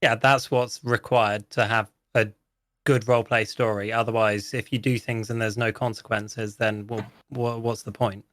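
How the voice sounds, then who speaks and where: A man's voice: on the low side, little pitch movement, moderate pace, a bit bright, no echo. A man chatting casually about roleplay, rambling through a long story with many restarts and some swearing. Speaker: roleplay guest. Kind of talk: casual podcast chat.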